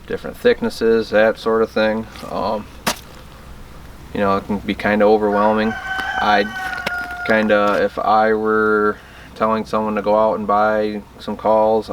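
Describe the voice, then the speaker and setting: A man's voice: lowish voice, monotone, unhurried, dull audio, background noise. A man casually explaining a hunting call outdoors, plainspoken and self-deprecating. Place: outdoors in bright sun.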